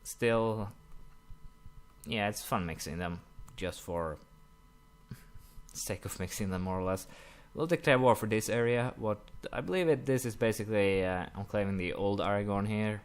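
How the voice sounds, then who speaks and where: A young man commenting casually while playing a strategy game, rambling with many fillers and quick apologetic asides. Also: on the low side, clean tone. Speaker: gaming commentator. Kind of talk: casual let's-play commentary.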